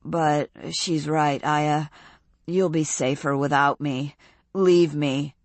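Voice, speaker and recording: A woman narrator voicing a quiet, painfully honest teenage boy speaking softly and slowly. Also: sits low, steady tone, no echo. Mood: earnest.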